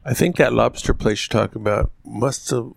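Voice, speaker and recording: A man's voice: mid-range voice, normal speed, gravelly, dry recording. A man chiming in casually during a chat.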